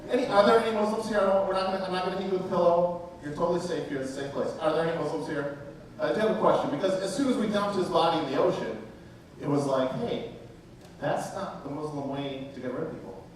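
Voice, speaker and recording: A male comedian with a high voice talks very fast through a brash, profane set on a live club stage, teasing the crowd while they laugh. Audience laughter fills the background of an echoey, noisy recording made far from the mic.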